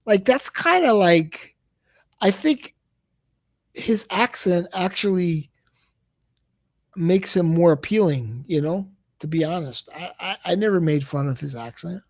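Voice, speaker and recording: This man's high, animated voice moves at a measured pace through a casual late-night live stream chat, captured cleanly in the studio with no echo. He rambles, stammers, repeats his words, and in his exasperation keeps saying "come on, man".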